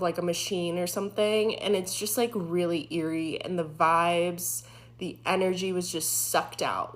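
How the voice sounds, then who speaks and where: A young woman, a former EMT, casually retelling a frightening experience with lots of fillers. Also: lowish voice. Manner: animated, filler-heavy retelling. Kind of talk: casual storytelling.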